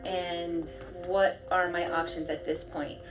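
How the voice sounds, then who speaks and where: A woman's voice: on the low side, flat delivery, takes it slowly, music in the background. A woman in her forties from New York, speaking candidly and emotionally in reality footage, often laughing. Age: 40s. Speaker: documentary subject.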